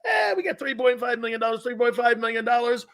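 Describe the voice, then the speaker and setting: A man playing a fast-talking male auctioneer who calls out bids in loud, repeated bursts. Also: very high-pitched, expressive, gravelly, voice pushed up, full character voice. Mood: excited. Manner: rapid repetitive bid-calling, loud.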